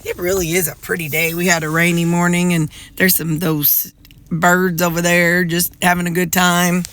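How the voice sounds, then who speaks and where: A woman's voice: fairly low pitch, flat delivery, normal speed, a bit bright. A middle-aged woman chatting casually to her viewers in a rambling, folksy way, sprinkling in mild jokes. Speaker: vlogger.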